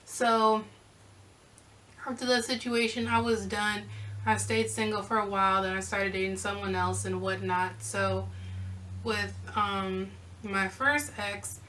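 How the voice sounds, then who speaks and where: Bright, sassy young woman vlogger. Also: mid-range voice, measured pace, distant mic, a little hiss or hum, low-quality recording. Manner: sassy, animated retelling with quoted back-and-forth. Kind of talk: casual storytime.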